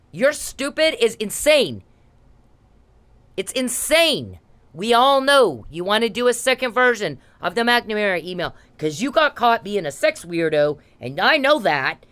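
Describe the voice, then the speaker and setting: An angry woman in her thirties vents straight to the camera, cursing and hammering the same demands again and again. Her voice sits at a middle pitch but swings widely, rising and dropping sharply as she presses each point. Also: a bit bright. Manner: confrontational, swearing, repetitive demands. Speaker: vlogger. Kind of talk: angry direct-to-camera rant.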